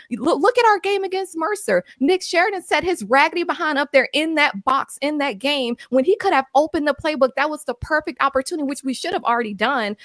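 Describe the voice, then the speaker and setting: A high-pitched woman, talking bluntly and with heat as a sports show panelist. Her voice is close and dry on her own microphone over a video call from home, and she keeps stumbling back over her words as her frustration builds. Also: fairly bright tone, no echo. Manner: blunt, fired-up, repeats herself when angry. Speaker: post-game show panelist. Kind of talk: heated sports talk rant.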